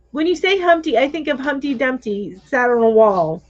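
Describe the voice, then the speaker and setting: In dull, lo-fi livestream audio, a woman with a high-pitched, sing-song voice hosts a crochet live chat at an unhurried pace. She reads out viewer comments conversationally, thinks aloud and laughs readily.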